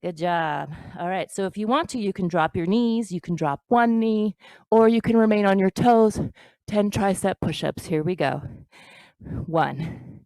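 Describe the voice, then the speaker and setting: A woman instructor talks the viewer through a home workout, counting each rep and cheering them on. Her delivery is slow and deliberate at a middle pitch. The sound is dry and close. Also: expressive, darkish tone, no echo. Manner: encouraging, counting reps aloud. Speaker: fitness instructor.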